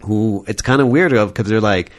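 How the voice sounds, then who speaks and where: A man's voice: fairly low pitch, normal speed. A young man hosting a podcast, chatting casually and jokingly as he rambles and trails off mid-sentence. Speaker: podcast host. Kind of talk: casual movie-watching chat.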